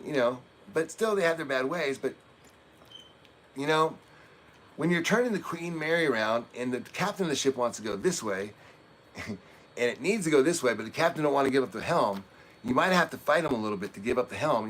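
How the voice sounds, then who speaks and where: A middle-aged man from Oregon, hosting a livestream and telling personal family stories in a casual, rambling way, chuckling through heavy topics. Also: mid-range voice. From Oregon, USA. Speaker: livestream host.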